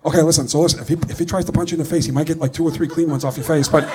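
A man's voice: fairly high pitch, steady tone, darkish tone, voice pushed down, lightly acted. Man doing a stammering, panicky radio producer. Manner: stammering, rushed, repeats himself. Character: flustered, nervous male radio producer. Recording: audience laughter behind.

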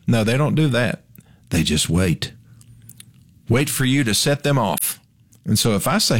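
A man's voice: on the low side, expressive, normal speed. Folksy Southern man hosting a car show. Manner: folksy, wry, chatty. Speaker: radio car advice show host. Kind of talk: casual radio monologue.

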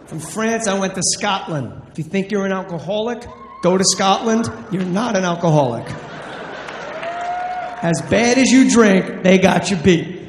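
A man from New Jersey doing stand-up, brash and profane with deadpan asides. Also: high-pitched, moderate pace, a little hiss or hum. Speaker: stand-up comedian. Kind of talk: stand-up comedy storytelling. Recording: echoey live hall, faint ambience.

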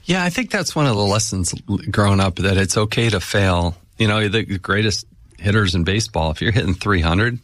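Low-voiced man hosting a relaxed chat. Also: brisk, no echo. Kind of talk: casual interview chat.

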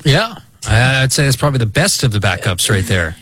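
A man's voice: mid-range voice, sing-song, a little fast, a bit bright, slightly rough, no echo. A man co-hosting a sports radio show in a studio, with a dry, self-deprecating wit and a loose, hesitant delivery. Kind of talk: casual studio banter. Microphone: studio microphone.

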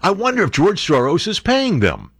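A man's voice: high voice, huge pitch swings, normal speed, fairly bright tone, breathy edge, no room sound, studio quality. A man hosting a talk radio show, ranting sarcastically and mocking others with impressions.

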